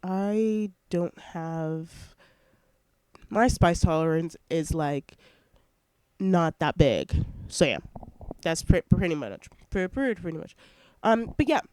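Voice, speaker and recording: A young adult student rambles into a headset microphone, restarting sentences and leaning on fillers. The voice is stuffy and congested, with a mellow, dark tone. The delivery is unhurried and slow. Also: medium pitch, animated, clear, resonant tone, no room sound. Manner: rambling, heavy on fillers, self-interrupting. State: congested and sniffling. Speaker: college student vlogger. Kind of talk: casual rambling chat. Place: at home.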